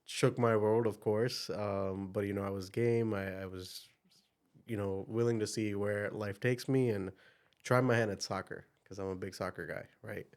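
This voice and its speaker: A young man from India with an Indian accent, a podcast guest telling his story in an upbeat, energetic way with plenty of fillers. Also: lowish voice, normal speed. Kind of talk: casual interview chat.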